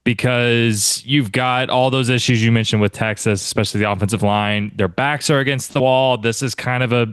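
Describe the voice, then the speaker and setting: Smooth-voiced man asking rambling questions. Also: medium pitch, a bit bright, no room sound. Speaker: podcast host. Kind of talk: casual podcast chat.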